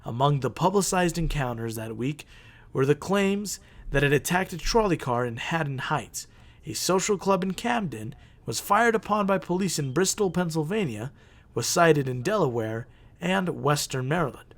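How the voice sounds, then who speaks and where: A man's voice: a little high, lively intonation, moderate pace. A man hosting a podcast, reading out legends and bantering with casual swearing and frequent laughs. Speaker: podcast host.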